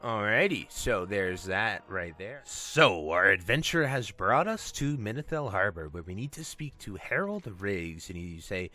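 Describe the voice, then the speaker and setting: A man hosting a game video, narrating his playthrough in a relaxed, upbeat way. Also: lowish voice, normal speed, hardly any pauses. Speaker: gaming video host. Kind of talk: casual game playthrough commentary.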